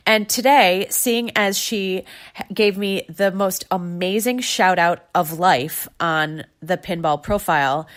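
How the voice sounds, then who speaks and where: A woman's voice: fairly low pitch, fairly bright tone. A woman in her thirties from New York hosting her own podcast, chatting and gushing as she retells stories. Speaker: podcast host. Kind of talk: casual solo podcast chat.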